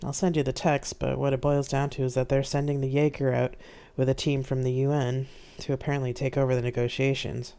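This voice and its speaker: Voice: mid-range voice, level tone, fairly quick, few pauses, warm tone, clear, resonant tone, natural voice. A reader voicing a blunt, swearing starship captain. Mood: wry. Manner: swearing, wry.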